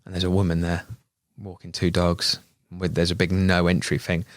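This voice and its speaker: A man with an English accent telling an animated anecdote in casual podcast chat, laughing and mimicking other people's voices as he goes. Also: low-pitched, moderate pace, dry recording, clean studio sound. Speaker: videographer. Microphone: studio podcast mic.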